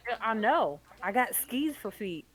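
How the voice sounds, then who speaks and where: A woman's voice: a little high, sing-song, a little slow, a bit bright. A woman in a casual podcast chat, cracking sarcastic, bossy jokes.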